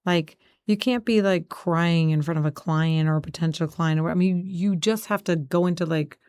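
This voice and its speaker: A woman's voice: lowish voice, moderate pace, a little mellow, clear, resonant tone, no room sound, studio quality. A woman in her forties co-hosting a casual chat podcast, talking in a chatty, storytelling way with many "like" fillers. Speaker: podcast co-host.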